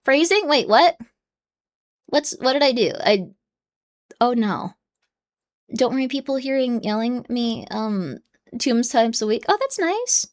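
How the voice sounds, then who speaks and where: A woman's voice: high voice, animated, unhurried, long pauses. A young adult woman streaming live, chatting casually and bubbly, playfully scolding and dropping into whispers.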